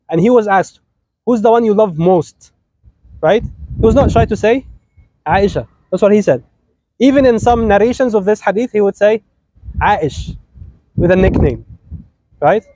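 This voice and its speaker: A man with an Egyptian accent gives an informal, joking wedding sermon. His voice sits high for a man and has a dark, mellow tone. The sound is dry, with no room echo, and he keeps checking in with "right?". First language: Arabic. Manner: chatty, teasing, keeps asking "right?". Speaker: officiant giving a wedding talk.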